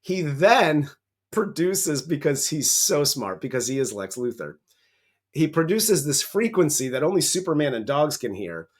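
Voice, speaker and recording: A man's voice: fairly high pitch, big pitch swings, a little slow. A man co-hosting a movie review, retelling the plot in a casual, profane, joking way. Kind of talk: casual comedic film recap.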